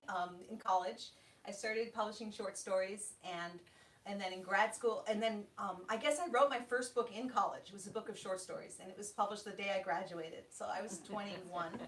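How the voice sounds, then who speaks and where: A woman author reading her novel aloud and then talking about her career at a bookstore event, in a plain, unhurried storytelling voice. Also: mid-range voice, fairly bright tone. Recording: roomy hall sound, distant mic.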